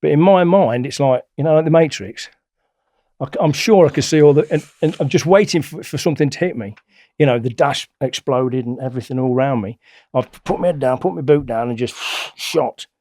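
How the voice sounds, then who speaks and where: A middle-aged man, a guest telling stories in a blunt, colloquial, animated way. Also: medium pitch, a little fast, no room sound, studio quality. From England. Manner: blunt, colloquial, animated retelling with acted-out quotes. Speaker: interview guest. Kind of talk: casual storytelling.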